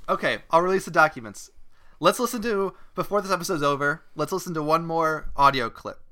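A man's voice: a little high, fairly quick, bright, forceful tone. A man with an Australian accent hosting a podcast, rambling earnestly in casual comedy chat. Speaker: podcast host.

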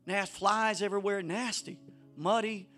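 A pastor delivers a sermon in a very high, ringing voice. He swings from shouted exhortation to quiet, chatty asides. A faint wash of music sits underneath. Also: steady tone, a little slow. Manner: swings between shouted preaching and low conversational asides. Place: church sanctuary with congregation.

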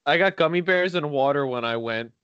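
A young man with a smooth, fairly high voice, dropping short dry quips in casual chat. His mic sounds dull and lo-fi. The sound is dry with no room around it. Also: lively intonation, moderate pace, a bit bright, dry recording.

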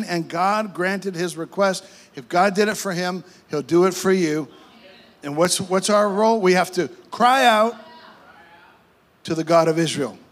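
A man. He builds fervor by stacking repeated phrases, stumbling into restarts, and pressing on. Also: high voice. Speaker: pastor. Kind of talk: sermon.

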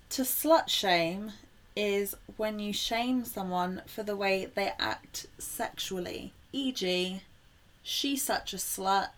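A woman co-hosting a casual podcast, relaxed and giggly as she tells a family story. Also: medium pitch. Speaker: podcast co-host.

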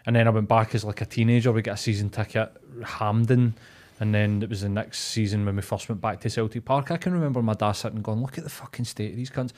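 A Scottish man chatting casually as a podcast co-host, telling animated stories, quoting people and swearing. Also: lowish voice, quick pace. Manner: animated storyteller, swears, quotes others. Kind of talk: casual chat.

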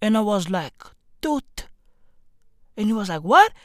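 A woman from Africa hosting a podcast in a profane comedic rant, slangy and excitable, swearing and laughing often, jumping from loud highs to low mutters. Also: measured pace, no echo, studio quality. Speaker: podcast host.

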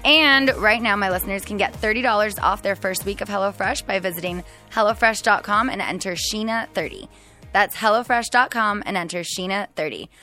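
A woman's voice: medium pitch, a little fast, sharp tone, soft background music. A woman hosting a podcast in casual chat, bubbly and giggly with a flirty streak. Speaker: podcast host.

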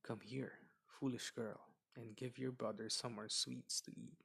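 A man's voice: medium pitch, steady tone, unhurried, creaky, fairly bright tone, husky, heavily acted. A man voicing a scolding old storybook witch. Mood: menacing. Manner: cackling, scolding, growling. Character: cruel old witch woman who eats children.

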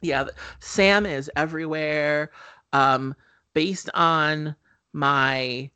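A man's voice: a little high, very slow, pushed and bright, clean tone, no room sound, lo-fi sound. A man hosting a podcast, casually recapping a horror movie with lots of fillers and offhand swearing. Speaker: podcast host.

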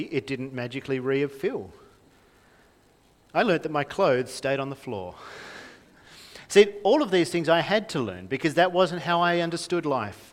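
A young man preaching a sermon in a conversational way, often asking the congregation questions. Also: a little high. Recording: reverberant hall.

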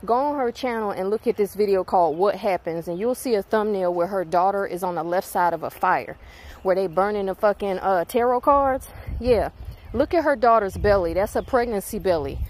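Speaking a little fast in a mid-range, slightly mellow voice, a Southern-accented woman who runs a spiritual channel rants at her viewers. Her heated talk is blunt, emphatic, and full of cursing.

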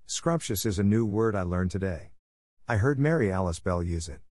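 A man's voice: sits low, expressive, moderate pace, a little mellow, no echo, studio quality. A man reading a gushing, dramatic orphan girl. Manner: gushing, theatrical. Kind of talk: audiobook character reading.

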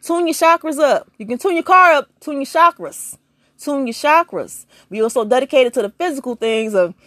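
Speaking at a moderate pace, a woman gives casual, preachy spiritual guidance in a monologue, swearing freely and peppering it with rhetorical questions. Her delivery is animated with large pitch swings, captured in a dry, studio-quality recording.

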